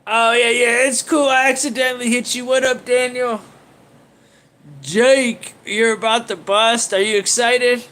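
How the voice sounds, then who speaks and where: A man's voice: very high voice, flat delivery, unhurried, pushed and bright. A man hosting a casual livestream, rambling and swearing as he reacts to viewer comments and laughs often. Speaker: livestream host.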